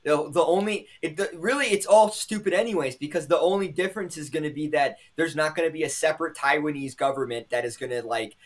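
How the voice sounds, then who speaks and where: A man's voice: fairly high pitch, quick pace, few pauses. A young man co-hosting a podcast, chatting casually in a rambling, opinionated way and swearing often. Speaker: podcast co-host. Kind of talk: casual chat.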